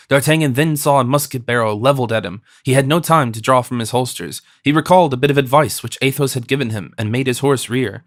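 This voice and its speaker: A man narrating an audiobook in a steady, even reading. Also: mid-range voice, quick pace, few pauses, no echo, studio quality. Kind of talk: scripted narration.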